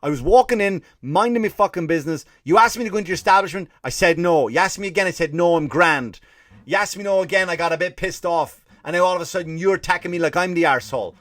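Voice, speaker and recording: A man's voice: sits high, quick pace, fairly bright tone, no echo, studio quality. An Irish man hosting a comedy podcast, telling a profane, ranting story and mimicking people in put-on voices. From Ireland. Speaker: podcast host. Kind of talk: comedic monologue.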